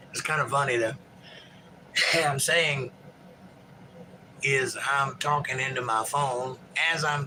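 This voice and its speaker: A man's voice: mid-range voice, sharp tone, a little hiss or hum, rough recording. A man hosting a livestream, reading viewer chat aloud and chatting in a rambling, folksy, joking way.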